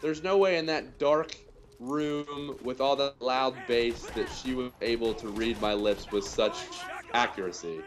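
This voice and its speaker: A man's voice: medium pitch, unhurried, music in the background. A young man co-hosting a gaming video, telling a rambling, self-mocking story in casual chat. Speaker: co-host of a game video series.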